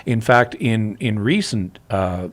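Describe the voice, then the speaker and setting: A man answering callers' questions on a call-in radio show, explaining things in a measured way with occasional restarts. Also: on the low side, lively intonation.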